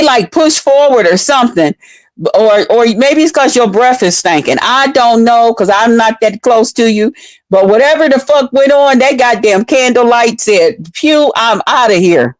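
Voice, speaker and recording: A woman's voice: on the high side, no room sound. Fired-up woman ranting on a live stream. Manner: profane, mocking, heated.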